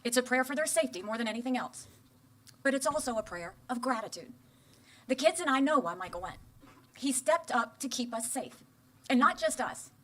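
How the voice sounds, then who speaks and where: A woman politician giving an earnest campaign speech in a measured, oratorical manner. Her voice sits somewhat high. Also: lively intonation, a bit bright.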